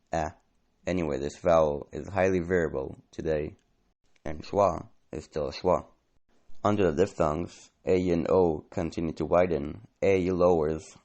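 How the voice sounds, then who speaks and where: Very deep-voiced man narrating a lesson. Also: a little mellow. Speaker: educational narrator. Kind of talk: scripted narration.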